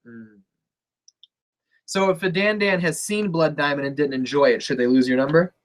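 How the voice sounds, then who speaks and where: Male podcast co-host, slightly high pitch, loose and profane banter. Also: moderate pace. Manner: relaxed, profane, laughs easily. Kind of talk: casual wrestling podcast chat.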